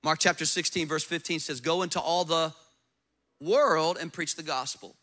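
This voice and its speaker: A man, a pastor preaching a sermon in a church, acting out doubters' voices as he goes. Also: normal speed. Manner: animated preaching, acts out skeptics in a high voice.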